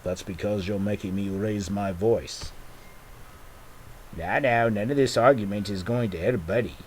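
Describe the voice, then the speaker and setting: A man's voice: fairly low pitch, measured pace, a little mellow, slight background noise, close to an everyday voice, low-quality recording. A man voicing a bossy, protective pirate leader in a homemade toy movie. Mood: stern.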